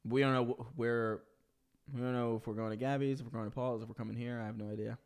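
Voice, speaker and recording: A young man of ordinary pitch hosts a relaxed live stream. He talks loosely and casually, dropping curses as he snacks. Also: quick pace, clean tone. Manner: relaxed, profane, chatting while eating. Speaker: streamer host.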